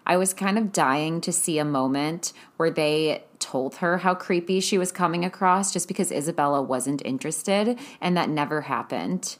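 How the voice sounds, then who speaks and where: A woman's voice: deep voice, normal speed, hardly any pauses. A young woman giving a blunt, profane, casual recap of a TV episode. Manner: blunt, profane, exasperated commentary. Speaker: recap host.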